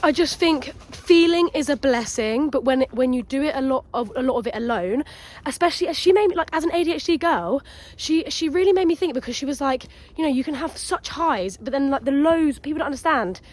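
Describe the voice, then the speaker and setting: Chatty, excitable young woman. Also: high voice, brisk. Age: 20s. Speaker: podcast host. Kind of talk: casual chat vlog. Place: outdoors in a nature reserve.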